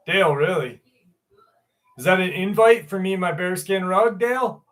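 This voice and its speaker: Streaming casually from home, a man rambles to his viewers with fillers and an odd curse. He speaks at normal speed in a high, expressive, slightly bright voice, and the recording quality is rough.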